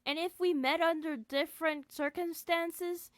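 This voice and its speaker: A man's voice: extremely high pitch, steady tone, a little slow, fairly bright tone. A woman voicing an earnest, polite young man devoted to his sweetheart. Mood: pleading.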